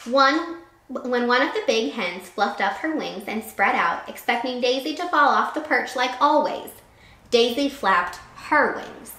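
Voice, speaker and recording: A woman reads a picture book to children as their teacher, her voice a little high and her pace a little slow. She narrates expressively and with animation, adding little asides. The recording carries a roomy echo.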